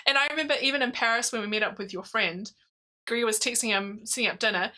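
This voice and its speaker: A woman with a New Zealand accent, chatting on a stream and telling animated stories. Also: a little high, fast. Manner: animated storytelling, laughs easily. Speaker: stream co-host. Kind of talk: casual chat.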